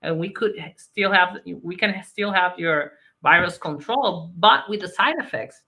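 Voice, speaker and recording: On a rough recording, a man with a high, sharp voice joins a live video call as a guest, speaking unhurriedly. He gives conversational advice earnestly but hesitantly, restarting his sentences often.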